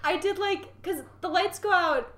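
Woman, podcast co-host, casual chat, high bright voice, roomy sound. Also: unhurried, a little hiss or hum. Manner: animated, laughs often, acts out quotes. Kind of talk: casual chat about a film.

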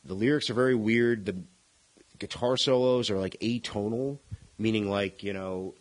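A man's voice: on the low side, steady tone, normal speed, rough recording. A man in casual podcast chat about music, rambling, laughing often and swearing casually. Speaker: podcast co-host.

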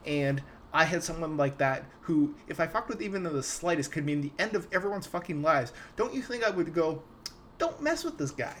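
A young man with a fairly high voice hosts a podcast, ranting casually about a film at a quick clip with few pauses. He's animated, swears freely, and keeps stumbling and restarting his sentences. There's slight background noise.

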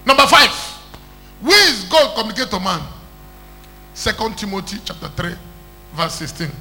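Emphatic high-voiced male preacher. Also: sing-song, normal speed, gravelly, pushed and bright, a little hiss or hum, poor audio. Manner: emphatic, repeats phrases, calls for hallelujah. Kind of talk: call-and-response sermon.

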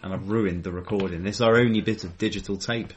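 A man's voice: low-pitched, fairly even intonation, fast talker, lo-fi sound, slight background noise. A man co-hosting a podcast, hesitant and apologetic, with a light giggle. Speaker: podcast co-host. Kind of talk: casual chat.

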